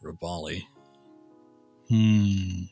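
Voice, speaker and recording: A man's voice: deep voice, drawn-out words, dark tone, soft background music. A man streaming a video game, talking casually and joking at himself as he plays. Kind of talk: casual gameplay commentary.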